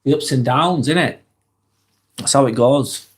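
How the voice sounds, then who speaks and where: A man with a Lancashire accent, hosting a casual live stream while he has a head cold, talking in a relaxed, earnest way and reading viewers' comments aloud. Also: mid-range voice, a little slow. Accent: Lancashire English. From Lancashire, England. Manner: relaxed, earnest, rambling with fillers and sighs.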